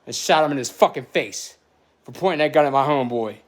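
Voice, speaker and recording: A man in his forties telling a story in a podcast chat, animated and profane, getting emotional as he talks. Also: medium pitch, quick pace. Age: 40s.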